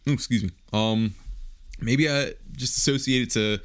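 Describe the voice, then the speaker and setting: A man's voice: mid-range voice, measured pace. A young man speaking as a podcast guest in casual conversation, reflective, laughing often and swearing casually.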